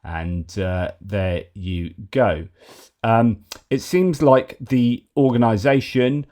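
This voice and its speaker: A man's voice: medium pitch, takes it slowly, darkish tone. A man hosting a news commentary channel, talking casually and rambling with fillers and restarts.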